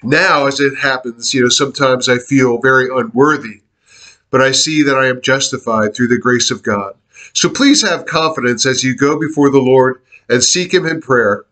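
A middle-aged man preaching a devotional sermon in an earnest, confessional way, with halting restarts, near tears. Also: mid-range voice, pushed and bright. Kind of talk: devotional sermon with a personal story.

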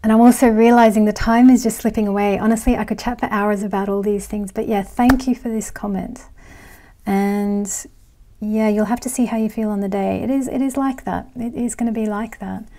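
In a casual, rambling chat peppered with fillers and laughs, a middle-aged woman reads out comments from her astrology vlog's viewers. She speaks briskly in a steady, mellow, medium-pitched voice.

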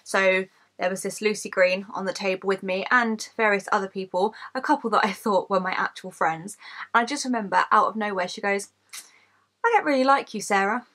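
A woman's voice: medium pitch, steady tone, a little fast, a bit bright. Chatty English woman swearing freely. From England, Kent. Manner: chatty and candid, swears freely, laughs at herself. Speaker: YouTuber. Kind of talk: casual chat to camera, listing facts about herself.

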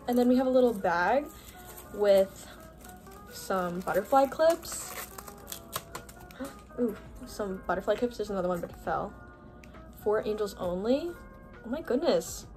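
Gushing excitable young woman vlogger. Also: mid-range voice, a little slow, pauses often, soft background music. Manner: gushing, excitable, gasping with delight. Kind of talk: unboxing haul vlog.

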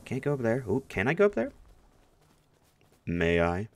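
A man's voice: mid-range voice, wildly swooping pitch, normal speed, darkish tone. A man giving casual, playful gameplay commentary, making silly noises and joking at his own expense. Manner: playful, goofy, makes silly noises and jokes at himself. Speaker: let's play gamer.

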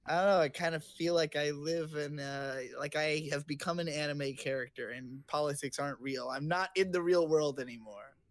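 Male podcast guest, laid-back and wry, fairly high pitch, dry sound. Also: moderate pace, few pauses, no echo. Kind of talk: casual chat.

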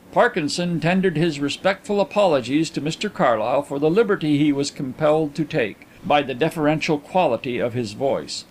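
A man's voice: on the high side, brisk, few pauses, a little hiss or hum. Man narrating a classic detective story. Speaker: audiobook narrator.

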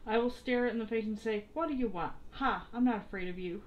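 A woman voicing a frightened boy puppet made of wood, in a high, excited, pleading voice for a storybook reading. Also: fast talker, dull audio, a little hiss or hum, close to an everyday voice. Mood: boastful.

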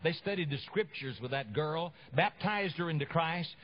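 A man preaching a sermon, telling stories and swinging between loud emphasis and low, quiet asides. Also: animated, moderate pace. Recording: dull lo-fi radio broadcast.

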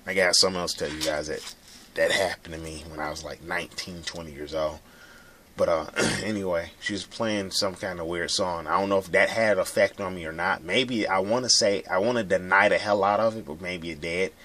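A young man talks straight to his viewers in a loose, rambling monologue. His voice sits very low, and he speaks bluntly and swears freely. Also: fairly quick, pushed and bright. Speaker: vlogger. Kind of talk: rambling casual monologue to camera.

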